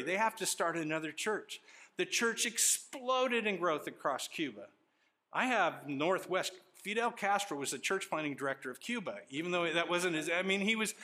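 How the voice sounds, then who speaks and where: Middle-aged male pastor, sermon delivery, fairly high, bright and forceful voice, animated storyteller. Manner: animated storytelling preacher, reads scripture aloud.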